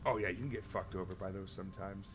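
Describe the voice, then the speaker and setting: A man's voice: low-pitched, fairly even intonation, fast, over music. A man hosting a casual gaming stream, swearing freely while he fiddles with his audio settings. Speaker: streamer host.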